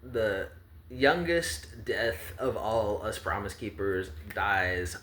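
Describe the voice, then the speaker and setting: A man's voice: fairly low pitch, slow, a bit bright. A man telling a fantasy story casually, rambling and joking with chatty asides. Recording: roomy echo with faint ambience.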